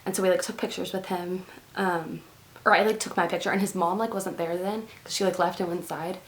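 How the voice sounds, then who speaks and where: A woman's voice: on the low side, fairly even intonation, fairly quick. A young woman from Texas telling a story to camera in a casual vlog, chatty and full of "like" fillers. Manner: chatty, heavy use of "like" fillers. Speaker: vlogger.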